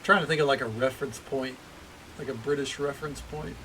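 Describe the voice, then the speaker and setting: A man's voice: mid-range voice, brisk, sharp tone, slight background noise. A man streaming a video game, chatting casually and rambling, with frequent cursing and restarts. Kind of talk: casual gaming commentary.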